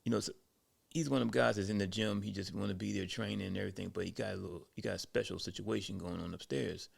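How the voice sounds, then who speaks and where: Gravelly, husky male storyteller. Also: fairly low pitch, steady tone, quick pace. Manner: loose, conversational, many asides. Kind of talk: casual spoken storytelling.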